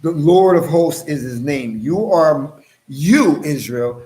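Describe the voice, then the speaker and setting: A man's voice: on the high side, expressive, darkish tone, poor audio. Emphatic preacher man reading scripture. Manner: emphatic, slows down to stress key phrases, talks straight to listeners.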